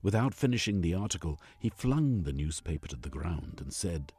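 Brief: deep, husky male storyteller, lively delivery, dry close sound, faint music behind. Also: normal speed, few pauses. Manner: expressive, varied. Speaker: narrator. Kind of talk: audiobook narration.

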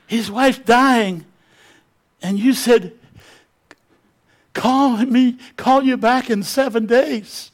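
A woman's voice: a little high, drawn-out words, long pauses, voice pushed up. A man preacher voicing his wife, reproachful toward her husband.

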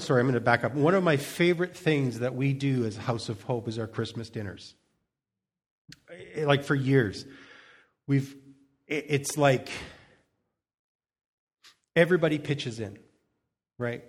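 A middle-aged male pastor who preaches in a loose, chatty way, with a mid-range voice. He jokes, tells stories from home and trips over restarts as he goes. It sounds like relaxed talk from the pulpit. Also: mid-range voice. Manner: chatty, humorous storytelling with frequent restarts and repeated words. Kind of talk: conversational sermon.

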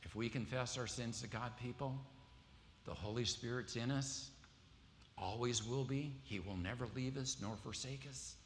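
A man's voice: mid-range voice, moderate pace, slight background noise. A man preaching a sermon to a congregation, telling stories and quizzing the audience with questions. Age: adult with wife and kids. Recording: long hall reverb, faint ambience.

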